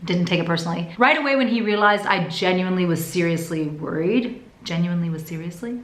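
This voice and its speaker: A woman's voice: lowish voice, fast talker. Chatty woman vlogging in an echoey room. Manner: chatty, expressive storytelling. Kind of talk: casual pregnancy update vlog.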